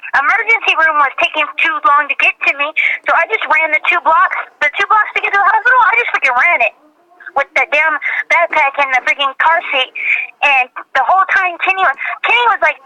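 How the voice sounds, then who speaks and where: A woman's voice: high-pitched, sharp tone, no echo, low-quality recording. A woman telling a mother's story in a heated phone conversation, agitated and profane, repeating herself often.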